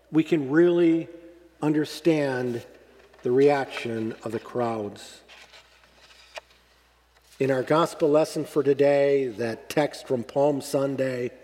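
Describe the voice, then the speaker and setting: A male pastor delivers a sermon at an unhurried, measured pace. His voice sits a little higher than most men's and rises on emphatic lines. A long reverb from the church hall trails behind every phrase. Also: a little mellow. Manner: slow, deliberate preaching with emphatic rises.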